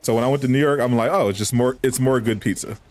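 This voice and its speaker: A man's voice: mid-range voice, fast, a little mellow, faint music behind. A man chatting casually on a live stream, answering viewers with teasing banter and frequent laughs. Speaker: gaming streamer.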